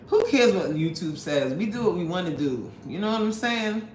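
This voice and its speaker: A woman's voice: fairly low pitch, darkish tone. A woman hosting a casual live stream, chatting and greeting viewers, laughing often, indoors at her workplace. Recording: roomy echo, faint background noise.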